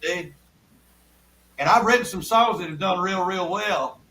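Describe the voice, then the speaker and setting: A man's voice: high voice, measured pace, pushed and bright, a little hiss or hum. Folksy older man, distant mic. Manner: folksy, rambling anecdotes with repeated asides. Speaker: guest songwriter. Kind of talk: casual storytelling interview.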